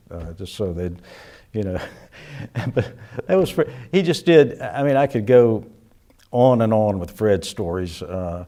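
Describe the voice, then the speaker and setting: Low mellow older man telling stories. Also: expressive, normal speed. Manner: rambling storyteller, many restarts, chuckles. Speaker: interviewee, musician. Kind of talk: casual reminiscing interview.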